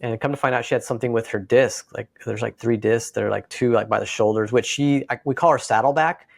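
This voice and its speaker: A man's voice: medium pitch, brisk, gravelly, dry recording, clean studio sound. A man co-hosting a podcast, a dog trainer who tells stories in casual chat and acts out owners and dogs. He sounds slightly congested.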